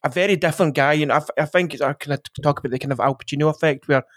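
A man co-hosting a podcast in casual chat, rambling with many restarts and quick agreement. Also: a little high, no room sound, studio quality. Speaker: podcast co-host.

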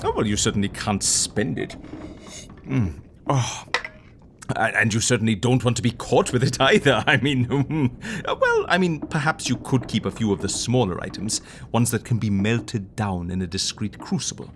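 An actor playing a fussy, refined gentleman who murmurs while he eats and talks in a pompous, genteel way. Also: medium pitch, big pitch swings, moderate pace, background noise. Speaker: interviewer.

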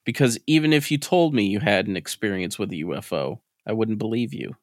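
A man's voice: fairly low pitch, lively intonation, fairly quick, no echo, clean studio sound. A man reading the lines of a female psychiatrist who is kind but skeptical, polite and firm. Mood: kindly firm.

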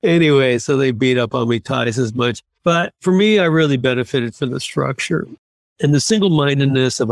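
A man in his sixties from Massachusetts, a guest on an interview podcast, telling lively self-deprecating anecdotes. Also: medium pitch, normal speed, no echo, clean studio sound. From Massachusetts, USA. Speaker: podcast guest, former submarine commander. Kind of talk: conversational interview storytelling.

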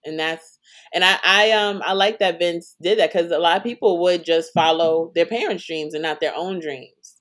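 A woman's voice: lowish voice, moderate pace, fairly bright tone. A woman co-hosting a casual chat, laughing often and acting out quotes as she recaps a show. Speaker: podcast co-host.

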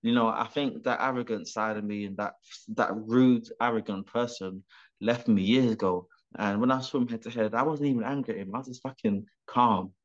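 A man's voice: medium pitch, fairly quick. A man, a professional boxer, talking animatedly and rambling with restarts and swearing in a remote interview. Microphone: video call. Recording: dull lo-fi video call audio.

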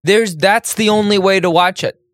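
A man's voice: high-pitched, normal speed, a bit bright, dry recording, clean studio sound. Laid-back joking podcast co-host man. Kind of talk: casual chat.

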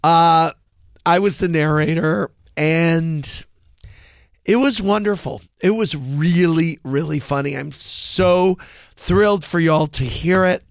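A man's voice: a little high, slow, vocal fry, no room sound, studio quality. A man hosting a podcast, chatting in a gossipy, enthusiastic way. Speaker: podcast host. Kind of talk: casual chat.

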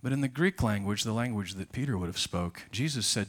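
A man preaching a sermon as pastor at a church service, telling stories emphatically and swinging between loud and soft. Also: on the low side, lively intonation, a little fast.

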